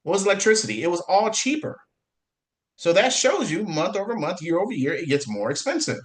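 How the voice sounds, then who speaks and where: Guy hyping up a business opportunity, kinda high voice, punchy and preachy. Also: sing-song, fairly quick. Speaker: presenter at business meeting. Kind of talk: motivational business pitch.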